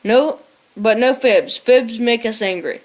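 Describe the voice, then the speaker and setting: A woman's voice: fairly high pitch, measured pace, lightly acted. A woman reading the part of a menacing male stoat bandit who jeers and threatens. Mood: jeering. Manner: jeering, threatening.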